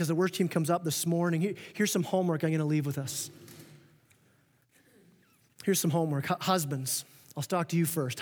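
Male pastor, earnest animated sermon, fairly high voice, long church hall reverb. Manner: earnest, animated preaching with frequent restarts and quoted asides. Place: church auditorium.

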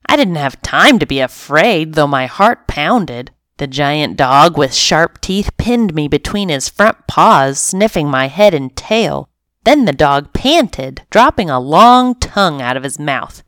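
A woman narrating a family pet storybook in an expressive, animated first-person reading. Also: sits low, slow, dry recording, clean studio sound. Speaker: story reader.

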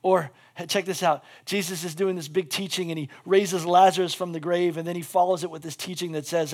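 A man preaching a sermon as pastor, animated and casual, swinging between loud bursts and hushed asides. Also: sits high, fairly quick, few pauses. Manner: casual, with many "like" fillers.

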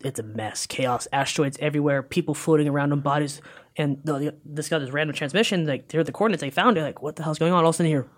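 A man with a fairly high voice recaps a film in loose, casual conversation. He is animated and uses lots of fillers, and he keeps dropping into quick put-on character voices. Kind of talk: casual chat retelling a movie.

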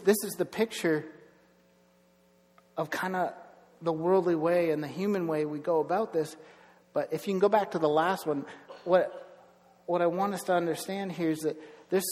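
A man's voice: a little high, normal speed, a little mellow. Man preaching in a reverberant hall. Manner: conversational preaching with restarts and asides. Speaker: pastor. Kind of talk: sermon.

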